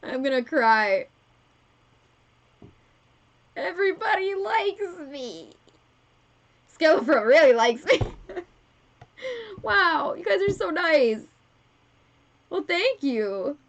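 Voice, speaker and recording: A woman's voice: very high-pitched, big pitch swings, takes it slowly, long pauses, lo-fi sound. A woman chatting casually with her live-stream viewers while she sews. She is giggly and self-deprecating and laughs often. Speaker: fursuit maker streaming live. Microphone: wrong microphone.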